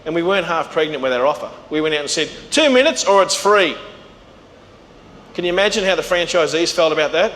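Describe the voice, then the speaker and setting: Animated Australian man in a big hall. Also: on the high side, very fast, few pauses. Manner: animated, acts out quoted voices. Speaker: keynote speaker. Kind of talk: storytelling business talk. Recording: reverberant hall with faint noise.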